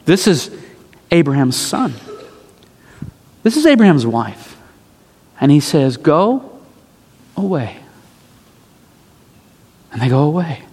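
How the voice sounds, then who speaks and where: A man's voice: a little high, big pitch swings, measured pace, long pauses, darkish tone, breathy edge, in a large hall. A man preaching a sermon, retelling a story dramatically with emphatic repetition.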